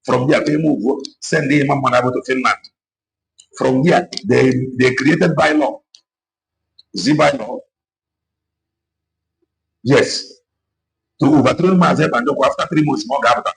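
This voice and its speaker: In a rough recording, a male activist with a fairly high, creaky voice delivers a fervent political speech. He mixes Igbo with English and hammers his points through repetition.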